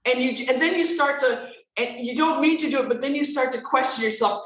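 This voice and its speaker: A woman guest telling a story in an interview, animated and acting out the dialogue. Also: high-pitched, fairly quick, hardly any pauses, recorded from a distance. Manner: animated, expressive storyteller who acts out dialogue. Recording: roomy sound, from off-mic.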